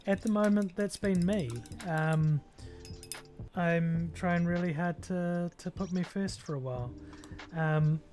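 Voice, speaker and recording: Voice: mid-range voice, slow, a little mellow. A streamer with a New Zealand accent, chatting casually and thinking aloud with lots of ums while painting miniatures. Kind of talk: casual livestream chat while working.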